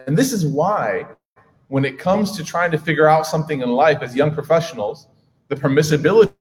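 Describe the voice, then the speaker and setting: A man in his thirties giving a casual, slangy religious lecture, telling stories with quoted dialogue to a room of listeners. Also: fairly high pitch. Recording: long hall reverb.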